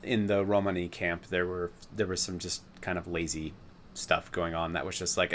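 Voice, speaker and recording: A man's voice: sits low, flat delivery, moderate pace, a bit bright, a little hiss or hum. A man co-hosting a podcast, reviewing a film in casual chat with a rambling, self-interrupting, nerdy way of talking. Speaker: podcast co-host.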